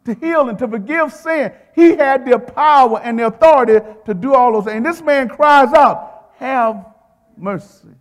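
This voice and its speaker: A man's voice: very high voice, normal speed, big-room sound. A male preacher delivering a sermon in a rhythmic, repeating style. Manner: rhythmic, repeats phrases, calls to the congregation.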